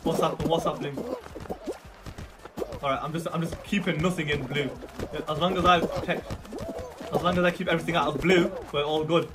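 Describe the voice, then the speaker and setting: A young man giving excitable live commentary on his gameplay, swinging from muttering to shouting. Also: fairly high pitch, normal speed, pauses often. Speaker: gaming YouTuber. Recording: music playing under the voice.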